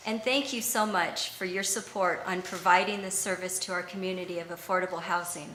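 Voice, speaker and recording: A woman congratulating on behalf of a state senator, quick and formal. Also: lowish voice, fairly even intonation, heavy background noise. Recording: echoey public space.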